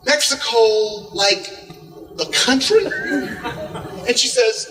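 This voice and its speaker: A middle-aged man from Oklahoma telling a comic story live to an audience, animated and acting out quoted lines. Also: extremely high pitch, slow pace, music in the background. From Oklahoma, USA. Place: large hall with an audience. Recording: echoey hall, far from the mic.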